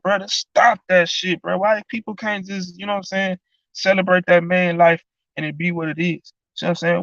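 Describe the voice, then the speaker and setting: A man's voice: high-pitched, flat delivery, fairly quick, a bit bright, no echo. A man ranting casually about sports news, heated and profane, constantly asking "you know what I'm saying.". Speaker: sports commentary vlogger. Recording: dull, lo-fi, dry sound.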